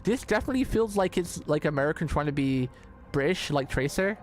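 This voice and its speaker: A male streamer reacting casually on a live stream. He talks quickly in a slightly raised voice, rambling and stumbling over repeated words. A faint hum of room ambience sits behind him. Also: on the high side, expressive. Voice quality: rambling, repeats himself, many restarts. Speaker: vtuber streamer.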